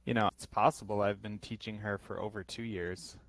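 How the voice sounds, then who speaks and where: A man's voice: lowish voice, little pitch movement, brisk, creaky, a bit bright, dry recording, low-quality recording. A young American man, an English tutor, answering questions casually over a video call and thinking aloud with many fillers. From United States. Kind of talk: casual interview.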